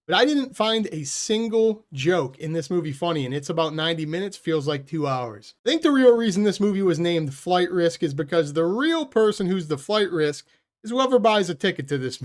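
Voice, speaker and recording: High-voiced sarcastic man reviewing a film. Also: lively intonation, a little fast. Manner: sarcastic, blunt put-downs; loose, conversational with self-corrections. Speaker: movie reviewer. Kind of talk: casual spoken film review.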